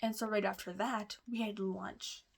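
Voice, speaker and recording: A woman's voice: mid-range voice, steady tone, moderate pace, vocal fry, husky. A woman vlogger telling a personal story in a casual, rambling way, full of fillers, restarts and asides. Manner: chatty, confiding.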